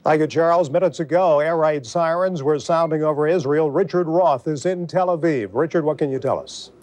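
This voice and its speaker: Brisk male news anchor. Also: fairly high pitch, a little mellow, dry recording.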